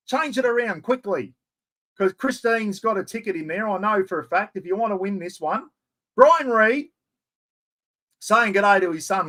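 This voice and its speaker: Excitable Australian man hosting a stream. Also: high voice. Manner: excitable, chatty, self-mocking. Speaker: live stream host. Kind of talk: casual live stream giveaway chat.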